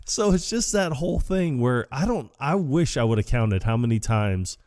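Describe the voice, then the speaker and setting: A man's voice: mid-range voice, moderate pace, no room sound, studio quality. A man co-hosting a podcast, chatting casually about a film and acting out lines between laughs. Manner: animated, acts out quoted lines with laughter. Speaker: podcast co-host.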